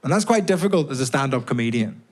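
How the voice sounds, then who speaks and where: A man's voice: mid-range voice, expressive, fast talker. A Northern Irish man in his thirties doing a stand-up set in a club, ranting with sardonic, mock-exasperated edge. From Belfast, Northern Ireland. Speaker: stand-up comedian. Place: comedy club basement with a live audience. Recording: live club recording with audience laughter. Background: audience laughter and applause.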